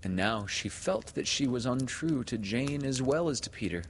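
A man reading a storybook aloud in a slow, expressive way. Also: mid-range voice. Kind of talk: storybook narration read aloud. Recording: long hall reverb, faint noise.

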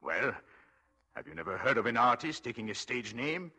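An actor playing a desperate, scheming husband in a 1940s radio drama, with a pleading, urgent delivery. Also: male voice, mid-range voice, sing-song, normal speed, bright, forceful tone, breathy edge, full character voice. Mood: nervous. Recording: old radio drama broadcast.

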